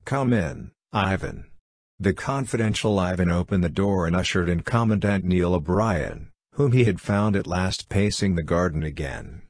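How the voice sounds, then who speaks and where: Low-voiced man reading a classic story. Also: moderate pace, few pauses, a little mellow, no echo. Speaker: audiobook reader. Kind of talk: scripted narration of a classic story.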